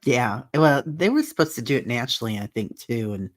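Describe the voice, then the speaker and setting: A woman guest on a casual livestream chat, friendly and quick with agreeing interjections. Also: rumbling low, expressive. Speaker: guest psychic medium.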